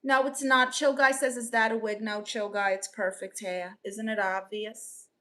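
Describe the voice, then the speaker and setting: A woman from Brooklyn with a Brooklyn accent, hosting a casual livestream, reading viewer comments aloud and answering with sassy, quick comebacks. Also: mid-range voice, fairly even intonation, a bit bright. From Brooklyn, New York. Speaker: livestream host reading chat.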